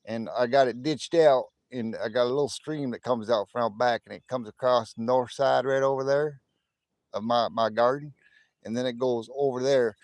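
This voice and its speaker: A man putting on a West Texas drawl as a boastful, folksy coin stacker, loudly pointing things out around his land on a livestream. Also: medium pitch, fairly even intonation, normal speed, dry recording, lightly acted. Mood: folksy boasting. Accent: put-on West Texas drawl. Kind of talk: livestream impression.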